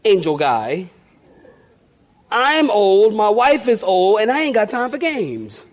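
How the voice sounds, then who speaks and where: A man's voice: sits high, very animated, slow, full character voice. A preacher voicing an old male priest who is blunt, folksy and skeptical. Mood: impatient.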